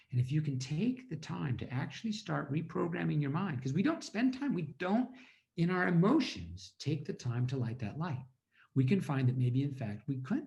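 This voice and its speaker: A man's voice: mid-range voice, gravelly, a little mellow. A man giving an inspirational storytelling talk over a video call at a community holiday event, acting out his own past thoughts.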